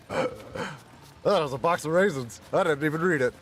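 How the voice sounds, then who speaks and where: A man's voice: on the high side, moderate pace, a little hiss or hum. A young man streaming a survival game, chatting loosely with his viewers, swearing freely and laughing at his own jokes. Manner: loose, profane, jokey, often laughing. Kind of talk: casual live-stream gaming chat.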